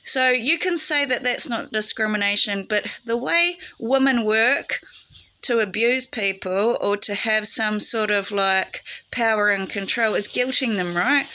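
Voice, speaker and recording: A woman's voice: fairly high pitch, measured pace, pushed and bright, low-quality recording. A woman speaking a personal monologue to camera, rambling and insistent, with an aggrieved tone. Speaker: vlogger.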